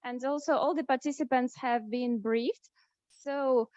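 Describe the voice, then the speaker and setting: Halting high-voiced woman chairing a contest. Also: steady tone, darkish tone, no echo. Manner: halting, many fillers and restarts. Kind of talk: hesitant meeting chairing. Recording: dull lo-fi sound.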